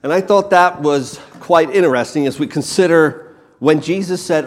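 A man preaching a sermon, slow and emphatic, repeating key words for weight. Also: fairly high pitch. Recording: long hall reverb.

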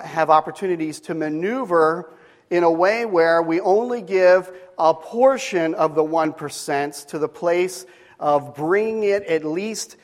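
A man's voice: sits high, long reverb tail. A middle-aged man preaching to a live audience, telling a story in a casual, rambling way with many restarts. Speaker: pastor. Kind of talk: sermon with storytelling. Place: speaking to a live audience at a Bible school.

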